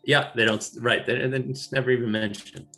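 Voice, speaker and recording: A man's voice: mid-range voice, fairly even intonation, fairly quick, sharp tone, faint music behind. A man host chatting casually, retelling film scenes in a rambling way with restarts. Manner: rambling retelling with many restarts, laughs easily. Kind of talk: casual film recap chat.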